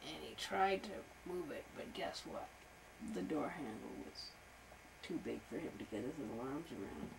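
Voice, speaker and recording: A woman improvising a story for a young child at home, animated, with playful sound effects and soft asides. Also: deep voice, moderate pace, gravelly, a little hiss or hum, poor audio.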